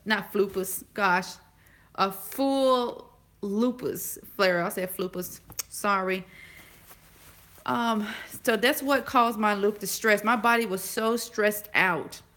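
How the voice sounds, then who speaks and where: Fast-talking woman in her forties. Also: medium pitch, a bit bright. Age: 40s. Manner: fast-talking, halting, loses her words. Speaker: vlogger. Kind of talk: casual chat to a live audience.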